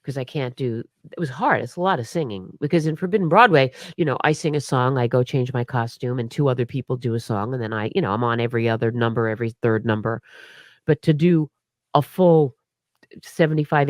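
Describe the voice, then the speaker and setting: A woman's voice: a bass voice, fairly quick, no echo, clean studio sound. A middle-aged woman chatting as an interview guest, talkative and laughing, with many restarts and hiccups. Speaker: guest performer. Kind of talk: casual interview chat.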